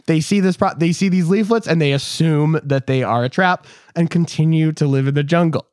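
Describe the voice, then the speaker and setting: A man's voice: fairly high pitch, brisk, darkish tone, dry recording, studio quality. A man hosting a casual history podcast, telling the story with easy laughs and acted-out quotes.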